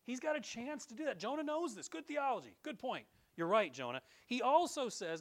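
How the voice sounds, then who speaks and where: A man's voice: very high voice, brisk, few pauses. A middle-aged man preaching a conversational sermon to his congregation in a church, quoting scripture with feeling. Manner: animated, conversational preaching, quotes scripture in a raised voice. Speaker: pastor. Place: church sanctuary.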